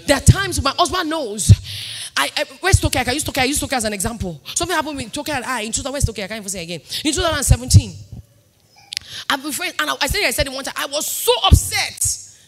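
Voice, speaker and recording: A Nigerian woman pastor in her thirties preaching a sermon, emphatic and sing-song, swinging between loud declarations and quiet asides. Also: high voice, animated, fast talker. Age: 30s.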